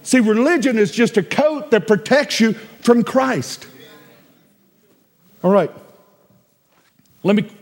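A man preaching a sermon as a pastor, emphatic and repetitive, with sudden loud cries. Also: high-pitched, in a large hall.

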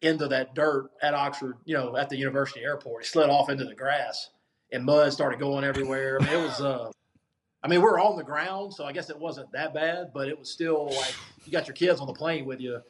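A man's voice: medium pitch, fairly even intonation, a little fast. Laid-back middle-aged man recounting stories. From Mississippi Gulf Coast. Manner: laid-back, matter-of-fact anecdotes with casual fillers. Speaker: former college football coach, podcast guest. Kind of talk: casual podcast interview.

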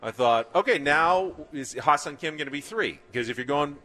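A man co-hosting a sports talk show, explaining his views in a measured, emphatic way. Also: on the high side, expressive, bright, forceful tone. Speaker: sports radio co-host.

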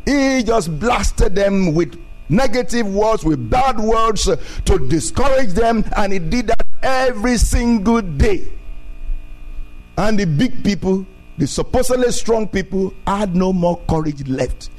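A man's voice: high voice, animated, unhurried, darkish tone, soft background music, rough recording. A man preaching a sermon as pastor, repeating phrases and building to emphatic declarations.

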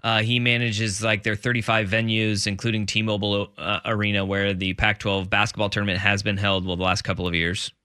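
Bright-voiced male sports radio host. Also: fairly low pitch, flat delivery, a little fast, few pauses, smooth, dry recording, studio quality. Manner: joking, laughs often, stumbles over words. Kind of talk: casual sports radio chat.

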